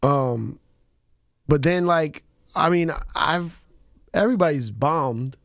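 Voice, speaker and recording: A male radio co-host chatting casually and profanely, dropping quick agreements as he tells his own story. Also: a little high, gravelly, a bit bright, no room sound, clean studio sound. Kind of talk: casual radio interview chat. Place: radio studio.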